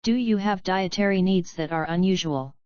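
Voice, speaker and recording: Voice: mid-range voice, moderate pace, a little mellow, clear, resonant tone, no room sound, muffled recording, lightly acted. A woman voicing a polite, methodical female unicorn scholar who asks formal questions.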